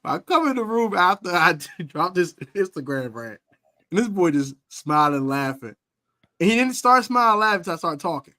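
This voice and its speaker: A man with a bright, highish voice that swings widely in pitch, joking loudly on a casual sports podcast. He talks in quick bursts and laughs his way through his stories. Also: very animated. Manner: loud, joking, mimics an angry fan. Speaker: podcast co-host. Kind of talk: casual chat.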